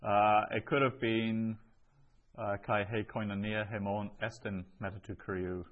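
A man's voice: on the low side, level tone, measured pace, phone-quality sound. A man teaching a Greek class, explaining step by step with frequent ums. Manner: patient, explanatory, with many ums. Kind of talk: classroom lesson.

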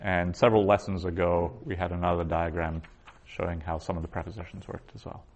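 A man teaching a Hebrew class, saying each vocabulary word twice and explaining it in a slow, deliberate lecture. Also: sits low, flat delivery, slight background noise.

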